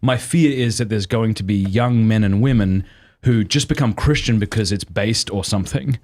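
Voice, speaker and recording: A man's voice: fairly low pitch, normal speed, a little mellow. A man with an Australian accent hosting a podcast, playful and jokey. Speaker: podcast host. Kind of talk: casual podcast chat.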